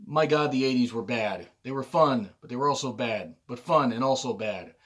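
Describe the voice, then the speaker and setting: A man giving a blunt, sardonic wrestling review in a casual monologue, swearing often and clearing his throat now and then. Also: medium pitch, moderate pace, fairly bright tone.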